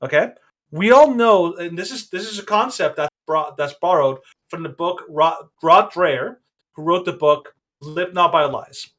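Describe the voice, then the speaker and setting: A man's voice: on the high side, a little slow, fairly bright tone. A man hosting a podcast, giving rambling, opinionated commentary with frequent restarts. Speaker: podcast host.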